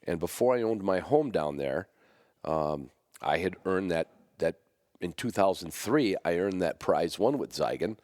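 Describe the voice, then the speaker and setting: A middle-aged man with a very low voice tells a casual story, rambling and correcting himself as he goes. He drops wry asides along the way. The sound is dry and close. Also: lively intonation, unhurried, a little mellow, dry recording. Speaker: podcast host.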